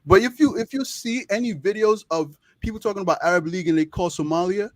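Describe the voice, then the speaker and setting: A man's voice: high voice, fast talker, no room sound, clean studio sound. A young man with a Nigerian accent, talking as an interview guest in a passionate, emphatic way and repeating words to press his points. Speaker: interview guest, medical student. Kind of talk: casual interview conversation.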